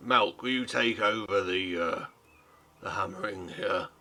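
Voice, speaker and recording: A man voicing a gruff, burly male Goliath blacksmith who talks bluntly and plainly. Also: deep voice, measured pace, pushed and bright, heavily acted. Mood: businesslike. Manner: blunt, plain-spoken tradesman.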